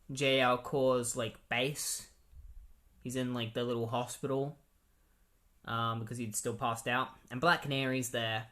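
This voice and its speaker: A man's voice: mid-range voice, a bit bright. A man casually retelling a comic book story as a reviewer, rambling with many fillers.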